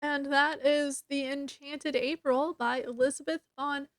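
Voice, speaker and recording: For her book review vlog, a woman who has a child chattily recounts how a novel ends, her allergies leaving her sniffly as she fills her speech with "like"s and small laughs. Her voice is high-pitched, fairly even, and a little slow, recorded in clean studio sound without echo.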